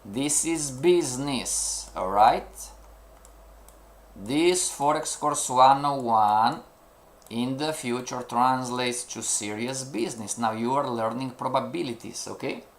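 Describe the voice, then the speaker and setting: A man's voice: mid-range voice, takes it slowly, slight background noise. A man teaching a trading lesson live to students. He speaks non-native English, sometimes searches for words, and keeps checking understanding with "you know" and rhetorical questions. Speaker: trading instructor.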